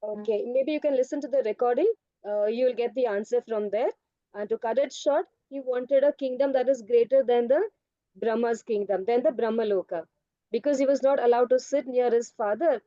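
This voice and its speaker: A woman teaches children over a video call. Her voice is high and mellow, and she explains slowly and patiently. The call audio is dull and dry. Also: no echo. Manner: patient, explanatory, calls students "beta". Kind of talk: online class answering students' questions.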